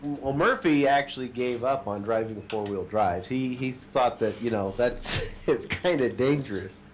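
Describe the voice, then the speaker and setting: A man telling a long, funny anecdote in casual chat, shouting out the quoted lines with gusto. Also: medium pitch, a little slow, slight background noise. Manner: animated storyteller, shouts quoted lines, laughs at own stories.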